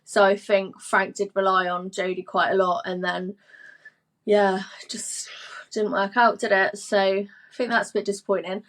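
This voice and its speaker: A young woman tells anecdotes as a guest in a relaxed interview. Her voice is bright and forward, and she slips into little performances of what she and others said, often laughing. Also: medium pitch, normal speed, hardly any pauses. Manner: chatty storyteller, acts out quoted dialogue, laughs often. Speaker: guest, sports presenter. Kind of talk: casual interview chat.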